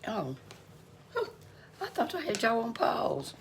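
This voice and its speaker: A woman's voice: a little high, huge pitch swings, slow, gravelly. A middle-aged woman hosting a home cooking channel, chatting folksily to her viewers as she cooks in her kitchen. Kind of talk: casual cooking vlog chat. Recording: noisy home recording.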